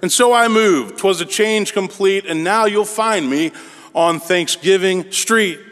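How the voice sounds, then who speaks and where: A preacher reading a contented former grumbler. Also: male voice, sits high, measured pace, a bit bright, long reverb tail, pitched above the performer's own voice. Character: cheerful reformed grumbler, older man.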